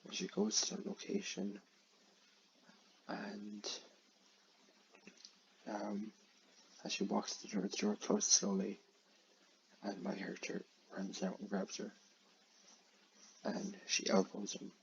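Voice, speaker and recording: A man's voice: fairly low pitch, big pitch swings, slow, creaky, pauses often, a little hiss or hum. A man casually retelling a plot in a rambling way, full of fillers and restarts. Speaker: creator retelling his own film idea. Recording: dull lo-fi recording.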